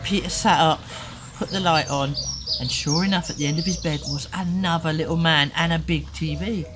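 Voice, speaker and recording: A woman telling a story to a child in an animated way, often asking the listener questions, recorded with a noisy background. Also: low-pitched, moderate pace.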